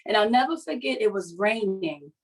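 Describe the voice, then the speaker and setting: A woman's voice: medium pitch, lively intonation, husky, poor audio. Earnest woman telling her story on a video call. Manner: earnest, halting, confessional. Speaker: writer and poet hosting a support session.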